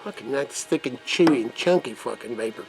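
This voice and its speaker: A man's voice: mid-range voice, lively intonation, fairly quick, faint music behind. A man reviewing vape mods in a rambling, profane vlog, putting on a crude redneck persona. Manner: put-on rough redneck persona. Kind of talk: casual product demo vlog.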